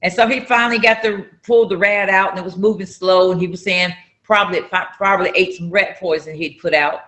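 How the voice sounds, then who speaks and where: A woman from North Carolina, telling a personal story in an interview and acting out the dialogue with loud outbursts. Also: lowish voice, steady tone, quick pace. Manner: acts out dialogue with sudden loud raised outbursts. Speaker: interview guest, entrepreneur.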